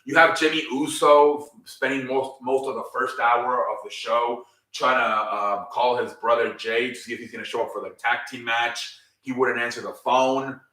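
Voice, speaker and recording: A man's voice: mid-range voice, fairly even intonation, moderate pace, few pauses, sharp tone, reverberant, distant mic, rough recording. A man hosting a casual, improvised recap show. He rambles, swears and openly shows his frustration. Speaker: host.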